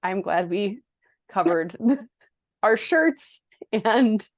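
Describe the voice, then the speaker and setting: A woman's voice: medium pitch, expressive, very slow, dry recording, clean studio sound. A woman co-hosting a podcast over a video call, chatting casually and laughing often. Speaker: podcast co-host. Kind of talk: casual chat.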